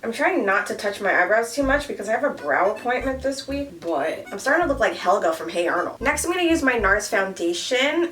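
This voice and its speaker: A woman's voice: fairly high pitch, fairly bright tone. A young woman chatting casually while doing her makeup, frank and joking, cursing freely as a beauty vlogger. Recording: voice a bit far from the mic.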